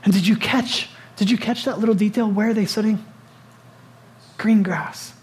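Animated conversational preacher. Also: medium pitch, normal speed. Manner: conversational, animated preaching that asks the congregation questions. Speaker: pastor. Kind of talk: sermon.

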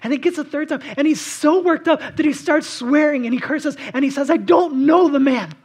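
A man preaching a sermon, swinging between loud impassioned outbursts and hushed, intimate reflection. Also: very high voice, fairly quick. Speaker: pastor.

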